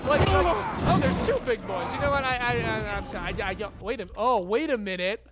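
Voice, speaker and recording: A woman's voice: on the high side, expressive, fairly quick. A woman streamer giving live gameplay commentary, ranting with lots of swearing and stammered restarts. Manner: profane, exasperated ranting.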